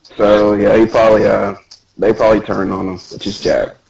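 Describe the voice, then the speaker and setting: A man's voice: fairly low pitch, level tone, normal speed, creaky, a little mellow, highs cut off. A man co-hosting a podcast in casual chat, rambling and hesitant as he works through his thoughts. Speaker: podcast co-host.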